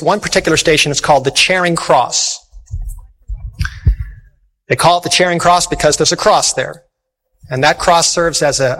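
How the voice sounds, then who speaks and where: A man's voice: fairly high pitch, pushed and bright, poor audio. A man preaching a sermon, emphatic, repeating phrases and calling to the audience for amens.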